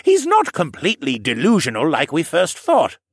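A man voicing an earnest, kindly male koala man who gives calm advice. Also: fairly high pitch, moderate pace, husky, no room sound, studio quality, pitched above the performer's own voice, heavily acted.

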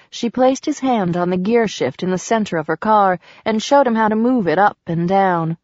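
A woman narrating a romance audiobook in an even, sensual storytelling manner. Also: medium pitch, normal speed, few pauses, no room sound. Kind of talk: scripted narration. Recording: dull dry recording.

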